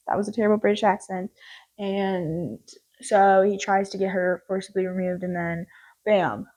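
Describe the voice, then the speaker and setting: A woman's voice: fairly low pitch, steady tone, normal speed, a little mellow, rough recording. Rambling young woman recapping a film. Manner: rambling, jokey, full of "like" and "um". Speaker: film reviewer.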